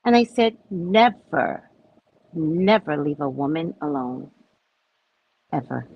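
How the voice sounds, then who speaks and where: Slow-paced and low with vocal fry, a female host tells a casual story over audio with cut-off highs and slight background noise. She animatedly acts out quotes, keeps adding "right?", and swears casually.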